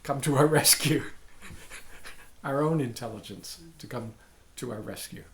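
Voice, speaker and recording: An older man, a dharma teacher, giving a contemplative talk in halting, searching phrases with frequent asides. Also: medium pitch, a bit bright, echoey room.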